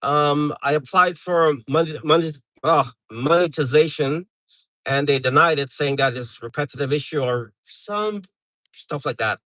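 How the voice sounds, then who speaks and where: A middle-aged man from Canada rambles through a casual live stream chat, full of fillers and restarts. His voice sits a bit high for a man. The sound is dry and close. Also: measured pace, a bit bright, dry recording, low-quality recording.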